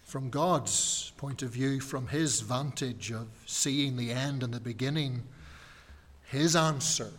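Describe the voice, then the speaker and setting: Slow, measured male preacher in reverb. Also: medium pitch. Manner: measured, emphatic, repeats key phrases, drops to quiet at phrase ends. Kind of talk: sermon.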